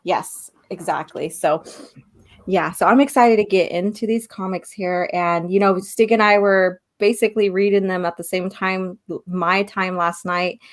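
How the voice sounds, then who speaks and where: Giggly, chatty, slightly hoarse woman. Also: lowish voice, steady tone, normal speed. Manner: giggly, chatty, reads out viewer messages. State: slightly hoarse, losing her voice. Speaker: podcast co-host. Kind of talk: casual live-stream chat.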